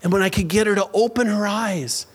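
High-voiced preaching pastor, slow and emphatic. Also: male voice, husky. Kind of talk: sermon. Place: church.

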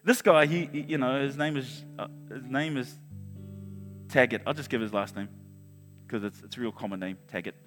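A man in his forties preaching a sermon, telling a personal story in an animated way with chuckles and restarts. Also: medium pitch, normal speed. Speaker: pastor. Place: large church hall. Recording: long hall reverb with faint guitar.

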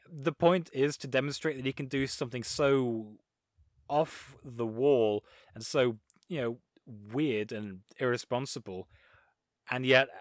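Animated man on a film podcast. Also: mid-range voice, no echo, studio quality. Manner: animated, laughs often, mocking asides. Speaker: podcast co-host. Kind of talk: casual film discussion.

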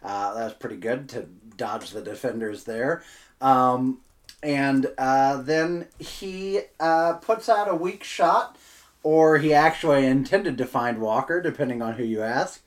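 A man co-hosting a casual sports podcast, recapping game highlights in a laid-back, joking way and laughing often. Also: unhurried. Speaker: co-host.

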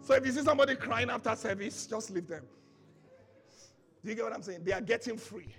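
High, gravelly preaching man. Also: fairly quick, faint music behind. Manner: preaching with shouted bursts and call-and-response. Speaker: pastor. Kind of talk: sermon.

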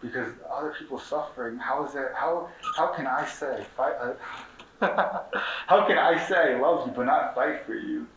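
A man's voice: mid-range voice, moderate pace, gravelly, a bit bright, a little hiss or hum. A young man of Mexican heritage from Chicago, giving a passionate, profane speech as a community organizer at a conference, repeating himself and asking the audience questions. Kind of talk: impassioned activist speech. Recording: distant, roomy, dull room recording.

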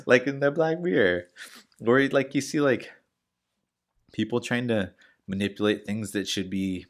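A man's voice: mid-range voice, unhurried. A man in casual podcast chat, telling rambling stories full of "like" and restarts, with the odd swear.

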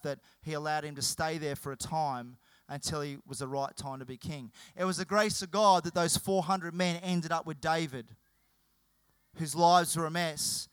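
A man's voice: fairly high pitch, fairly bright tone, smooth, dry recording. A male pastor preaching a sermon, emphatic and repetitive.

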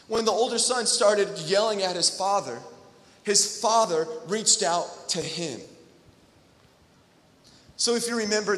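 A man's voice: high voice, fairly bright tone. A young man preaching a sermon in a casual, conversational way, repeating phrases and building to emphatic peaks. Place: large hall with long reverb. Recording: echoey hall reverb.

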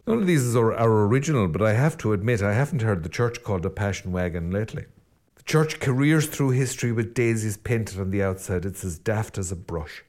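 A man's voice: low-pitched, a little mellow. An Irish man, a Catholic priest, giving an earnest, rambling podcast reflection with self-deprecating asides.

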